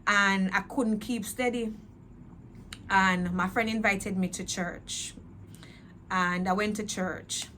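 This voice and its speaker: A woman's voice: mid-range voice, steady tone, slow pace, long pauses, bright, forceful tone, a little hiss or hum. A woman telling her personal faith testimony, earnest and repetitive, slipping into patois. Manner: earnest, repetitive, emotional retelling. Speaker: testimony speaker.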